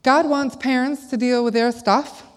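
A woman's voice: high-pitched, a little slow. Woman preaching in a reverberant church hall. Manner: candid, animated storytelling, acts out her own lines. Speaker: speaker at a church service. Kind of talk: sermon with personal storytelling.

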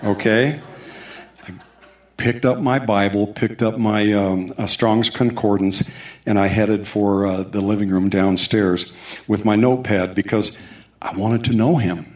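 A man's voice: lowish voice, fairly even intonation, a little slow, darkish tone. A man giving a sermon testimony, telling his story with asides and quoted dialogue, recorded in a church sanctuary. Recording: echoey church hall.

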